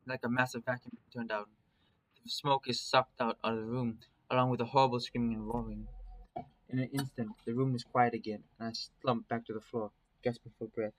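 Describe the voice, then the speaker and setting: A man's voice: mid-range voice, flat delivery, brisk, low-quality recording. A man reading a visual novel aloud in a dramatic first-person storytelling manner. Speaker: narrator.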